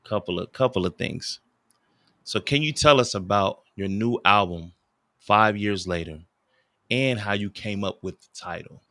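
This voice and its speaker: A man's voice: on the low side, a little slow, sharp tone, no room sound. A man hosting an interview, asking eager fan questions in a casual way.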